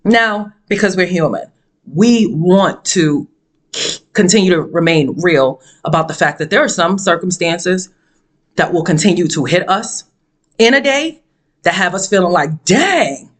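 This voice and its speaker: A woman speaking as a motivational speaker, telling a story dramatically with sudden jumps in pitch and emphatic, repeated phrases. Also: animated, measured pace. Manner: emphatic, preachy delivery with repetition. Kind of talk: storytelling monologue.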